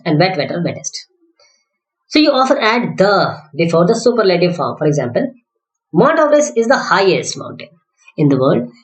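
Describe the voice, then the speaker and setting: A woman teaching an English grammar lesson. She drills word lists aloud, spells out letters one by one and corrects herself as she goes. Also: on the low side. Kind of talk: classroom-style grammar lesson. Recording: roomy echo.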